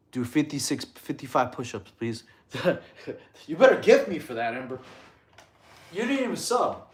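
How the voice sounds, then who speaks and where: A man coaching fitness on a casual live stream, relaxed and laughing often as he reads chat questions aloud. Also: medium pitch, a little hiss or hum.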